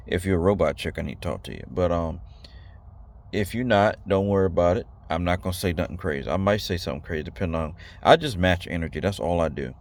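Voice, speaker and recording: A man's voice: deep voice, animated, fast talker. A man giving a blunt, rambling casual talk to his viewers, slangy and repeating himself. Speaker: video host. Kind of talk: casual direct-to-camera talk.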